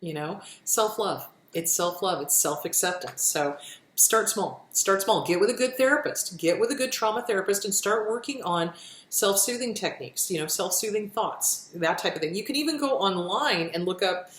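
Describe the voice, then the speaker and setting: A middle-aged woman giving self-help advice in a casual, gentle, reassuring way, often repeating her phrases and answering questions frankly. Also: mid-range voice, expressive, moderate pace, slight background noise. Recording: roomy echo.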